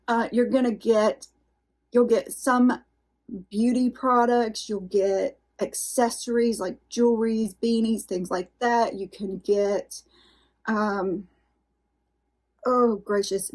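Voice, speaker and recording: A woman with a Southern accent hosting an unboxing vlog, talking to her viewers in a chatty, folksy, rambling way. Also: a little high. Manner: rambling, folksy, talks straight to viewers with "y'all". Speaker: unboxing channel host.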